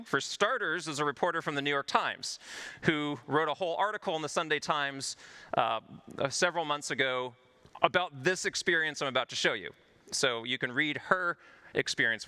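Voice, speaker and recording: A male physician speaks from a conference stage, earnestly explaining his research to the audience. His pitch swings widely and sits a little high for a man. His tone is very bright. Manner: earnest, explanatory, narrates patient stories. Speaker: physician giving a conference talk. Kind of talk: conference presentation.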